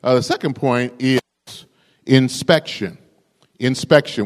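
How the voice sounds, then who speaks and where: A man's voice: mid-range voice, measured pace, long reverb tail. A male pastor preaching a rousing sermon, calling out to the congregation for responses.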